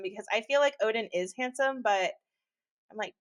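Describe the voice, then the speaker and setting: A young woman co-hosting a casual podcast with a slightly high voice. She rambles through stories, full of filler words and quick laughs. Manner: chatty, rambling, laughs often. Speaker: podcast co-host. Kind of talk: casual chat.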